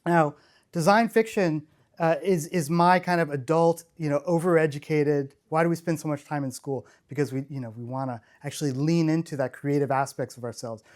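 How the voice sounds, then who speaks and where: In a slightly high, darkish-toned voice that moves a little fast, a middle-aged conference speaker tells stories during his keynote. He rambles with enthusiasm and often starts his sentences over.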